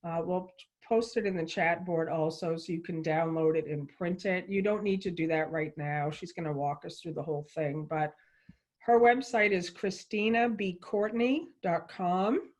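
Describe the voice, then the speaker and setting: Casting: enthusiastic woman host, slightly low voice, effusive chatty delivery. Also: normal speed, a little mellow. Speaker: show host. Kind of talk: casual livestream show hosting.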